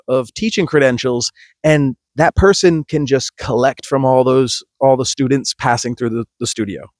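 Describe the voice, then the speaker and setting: A man's voice: on the high side, darkish tone, no room sound, studio quality. A man, a yoga teacher, giving an emphatic, passionate podcast monologue with frequent restarts.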